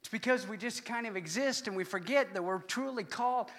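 Man, pastor, sermon, high-pitched, bright tone, animated delivery. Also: a little fast. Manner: animated, swings from loud exclamations to hushed asides.

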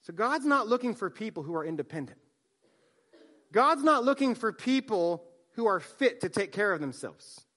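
A man, a pastor, preaching a sermon, swinging from soft hushed line endings to loud emphatic lines. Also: sits high, sing-song, normal speed.

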